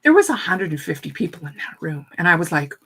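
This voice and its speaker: A woman telling a story in an animated, casual chat, often repeating her first words. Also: sits low, quick pace, slight background noise. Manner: animated, repeats words when starting sentences. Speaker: guest speaker.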